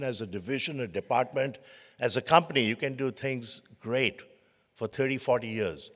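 A man's voice: mid-range voice, fairly bright tone. A man giving a leadership lecture to a conference audience, telling stories emphatically and stacking short phrases into lists. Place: conference hall. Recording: long reverb of a lecture hall.

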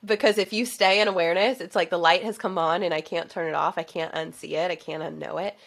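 A woman hosts a coaching podcast in a low, deep voice with a gravelly edge. She reflects out loud in an animated way and laughs often as she talks. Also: quick pace. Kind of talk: casual interview chat.

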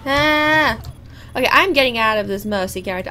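A woman's voice: high-pitched, animated, normal speed, long pauses, pushed and bright, soft background music. A young woman, chatting and exclaiming as she comments live on her own gameplay. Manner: chatty, exclaiming at the game, laughing. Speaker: gaming YouTuber.

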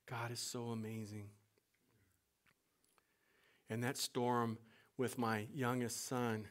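A middle-aged male pastor delivering a sermon, his voice leaping high and loud when he presses the congregation and dropping to near-whispers as he tells a personal story. He speaks at a middle pitch with a lively, wide-ranging delivery. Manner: swings from loud urgent preaching to hushed, whispered storytelling.

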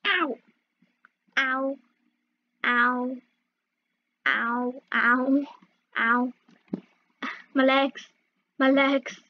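A woman's voice: sits high, fairly even intonation, drawn-out words, pauses often, dull audio. A woman casually commenting as she plays a video game, playfully yelping and groaning at each fall. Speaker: gaming video host. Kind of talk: casual let's-play commentary.

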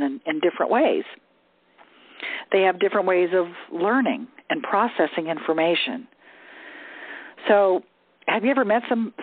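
A communication coach from the southern US leads a group over a call, speaking easygoingly and checking in with "okay?". Her medium-pitched voice has no room sound but comes through tinny phone-line audio.

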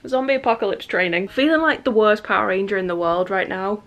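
A woman's voice: mid-range voice, fast talker, a bit bright. A woman vlogging casually at home with a groggy morning voice, chatting in a self-deprecating way. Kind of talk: casual vlog chat. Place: home bedroom and office.

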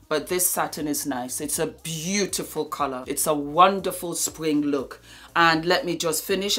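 A woman's voice: sits low, fairly bright tone. A woman beauty vlogger talking through a makeup tutorial, gushing and affectionate with viewers, sometimes dropping to a murmur as she works. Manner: drops to a murmur while applying makeup.

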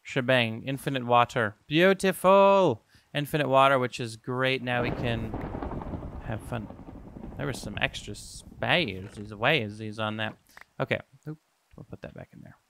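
Bright, excitable young man gaming. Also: mid-range voice, unhurried, a little hiss or hum. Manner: excitable, self-mocking, talks to viewers. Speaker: gaming YouTuber. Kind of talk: casual let's-play commentary.

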